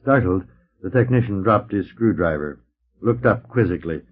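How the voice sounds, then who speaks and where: A man reading a science fiction story aloud in an expressive narrating voice, taken from an old, dull-sounding record transfer. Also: deep voice, moderate pace. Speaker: audiobook narrator. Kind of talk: scripted narration.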